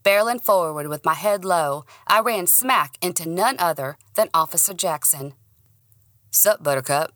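Bright-voiced woman narrating an audiobook. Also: fairly low pitch, lively intonation, moderate pace, few pauses, dry recording, studio quality. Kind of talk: first-person audiobook narration.

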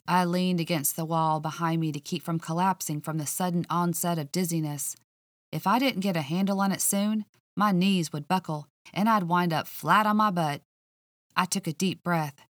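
A woman narrates a first-person mystery for her podcast in a chatty, folksy way. Her voice sits a little low and sounds dry and close, with soft music playing faintly behind her. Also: measured pace, dry recording.

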